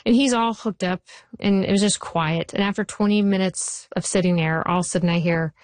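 A woman in her forties, a TV writer being interviewed, who tells stories in an animated way and acts out the quotes. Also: medium pitch, a little fast, no room sound. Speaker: TV writer and showrunner. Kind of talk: interview guest.

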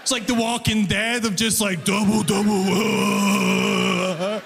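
High-voiced man doing animated stand-up. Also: slow, vocal fry, long reverb tail, loud music behind the voice, over a noisy crowd. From immigrant to Canada. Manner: animated storytelling, acts out voices. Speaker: stand-up comedian. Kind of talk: stand-up routine.

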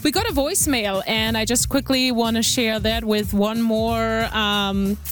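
A woman with a Canadian accent hosting a radio call-in show, friendly and quick to laugh. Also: a little high, soft background music. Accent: Canadian English.

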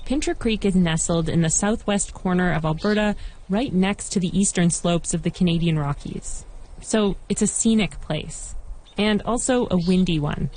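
A woman reporter giving measured, clearly scripted documentary narration. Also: fairly low pitch, a little mellow, poor audio. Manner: measured, clear storytelling delivery.

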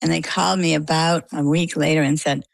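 An older woman from Maine, a guest telling her own story in a chatty, lively way. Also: low voice, fairly quick, vocal fry, no room sound. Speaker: interview guest. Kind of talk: casual storytelling.

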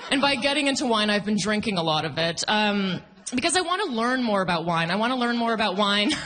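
A woman in her thirties performing a stand-up comedy set, animated and laughing at her own jokes as she acts out other people. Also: on the high side. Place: comedy stage before a live audience.

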